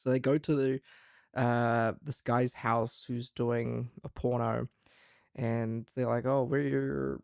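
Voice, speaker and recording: A man co-hosting a casual film review podcast, blunt and profane, mocking the movie with quick put-on voices. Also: mid-range voice, fairly even intonation, vocal fry, darkish tone, no room sound, studio quality. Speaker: podcast co-host.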